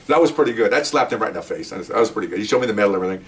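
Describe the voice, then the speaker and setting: On a casual storytelling podcast, a middle-aged former police detective tells animated stories from his time on the job. He often acts out what people said and keeps asking "okay?" His fairly low voice races along, and he sits far from the mic.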